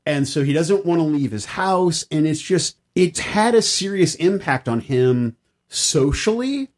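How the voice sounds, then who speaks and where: A man on a podcast telling a personal story in an animated, emphatic way. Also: a little high, measured pace. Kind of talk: casual chat.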